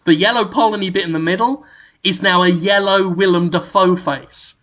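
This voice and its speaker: A man co-hosting a podcast, spinning a long comic movie pitch that wanders as he goes. His voice is bright and forward, and he keeps breaking into laughter at his own ideas. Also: normal speed. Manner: rambling storytelling, laughing at own jokes. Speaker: podcast co-host.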